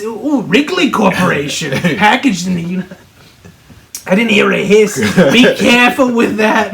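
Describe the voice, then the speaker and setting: A man's voice: very high voice, vocal fry, exaggerated voice. A man putting on a mock British accent as a cheeky young rock musician, joking and giggling between lines. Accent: imitated British. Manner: joking, giggling mid-line.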